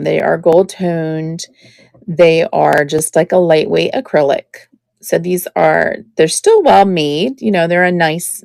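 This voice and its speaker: A middle-aged woman hosts a live jewelry sale, chatty and admiring as she shows each piece. Her voice sits low, with a gravelly fry at phrase ends, and she takes her time. The sound is close and dry. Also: darkish tone, dry recording. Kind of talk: live-stream sales chat.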